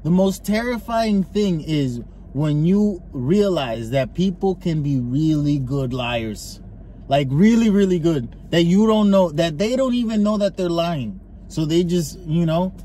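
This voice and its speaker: A man co-hosting a casual podcast from inside a car, ranting with lots of swearing and animated storytelling. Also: on the high side, measured pace. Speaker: podcast co-host. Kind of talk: casual chat. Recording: faint car noise behind.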